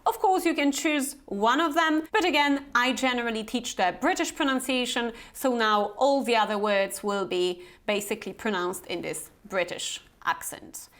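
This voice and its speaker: A woman's voice: on the high side, normal speed, hardly any pauses, a bit bright. A young woman with a Polish accent teaching English pronunciation, speaking carefully and repeating each word so learners can copy it. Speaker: Business English trainer. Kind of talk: pronunciation lesson to camera.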